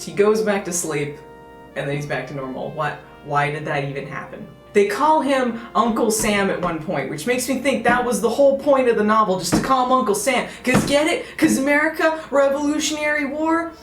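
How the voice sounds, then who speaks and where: A woman reviewing a novel in a sarcastic, exasperated comic rant, stumbling over restarts. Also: on the low side. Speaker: video reviewer. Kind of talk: comedic book review. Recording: echoey room with faint music.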